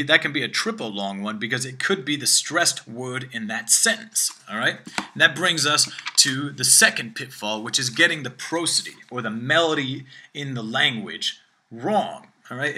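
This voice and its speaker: A man's voice: medium pitch, pushed and bright. A man giving a video language lesson, explaining at length and checking in often with "all right?" and "okay?". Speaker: language teacher. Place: room with phone ringing behind.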